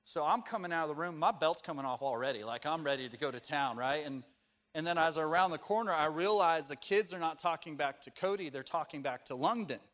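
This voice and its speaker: Male pastor, sermon delivery, chatty storyteller, slightly high voice. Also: fairly quick, fairly bright tone. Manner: conversational, storytelling with casual fillers.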